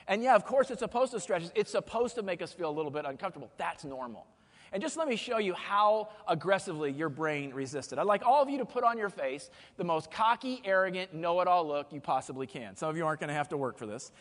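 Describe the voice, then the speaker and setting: A man giving a motivational keynote speech, energetic and humorous, leading the audience through exercises from the stage. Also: sits high, quick pace. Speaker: keynote speaker. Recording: long hall reverb.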